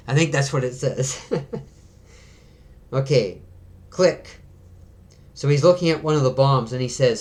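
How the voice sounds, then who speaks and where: A man's voice: medium pitch, normal speed, long pauses. A man hosting a comic book video, reading a comic aloud and chatting casually with fillers and little chuckles.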